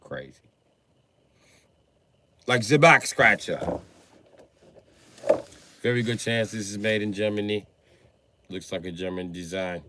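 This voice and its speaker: A man on a livestream who rants about cars in a profane, excitable way, now and then bursting into a shout. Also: fairly low pitch, takes it slowly, pauses often, a little hiss or hum. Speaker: livestreamer and car mechanic. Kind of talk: profane ranting livestream chat.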